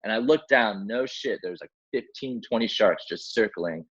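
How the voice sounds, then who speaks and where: A young man with a fairly low voice tells a war-story-style rescue tale in a relaxed interview. He acts out each exchange and sprinkles in "like" and "man" as he goes. The audio is dull and muffled. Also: moderate pace, very noisy. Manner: animated, acts out quoted dialogue, many fillers like "like" and "man". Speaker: guest, helicopter rescue swimmer.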